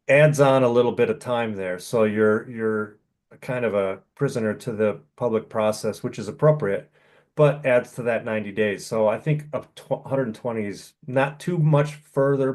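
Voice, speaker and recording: A man of middling pitch lays out his reasoning to a town board in a calm, measured way. He sounds clear and close. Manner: measured, explanatory. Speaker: incoming town administrator. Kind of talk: public meeting discussion.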